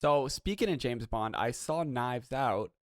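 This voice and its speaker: A man co-hosting a podcast, talking in an emphatic, profane, riffing way. His voice sits at an ordinary male pitch and sounds dry and close to the mic, with no room around it. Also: a little slow, dry recording. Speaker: podcast co-host. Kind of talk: casual chat.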